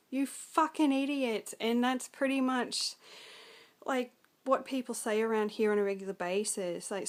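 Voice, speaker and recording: A young Australian woman with an Australian accent, rambling through a casual film review full of ums and likes. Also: mid-range voice.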